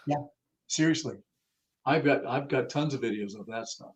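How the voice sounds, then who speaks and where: A medium-pitched male voice at normal speed comes through a muffled recording. He's being interviewed about car audio and talks in a blunt, easygoing way with occasional swearing, voicing the people he quotes.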